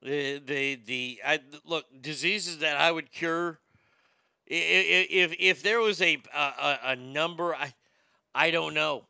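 A man with a very bright, smooth voice and a touch of gravel riffs on the news, joking irreverently and tripping over restarts. The recording is dry and close. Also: on the high side, steady tone, unhurried, dry recording. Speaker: show host reading news and chat comments. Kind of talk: casual commentary.

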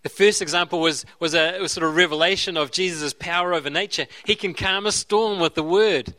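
A man's voice: high-pitched, fairly quick, sharp tone. A man preaching a sermon in an earnest way, often repeating and restarting his phrases. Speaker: pastor.

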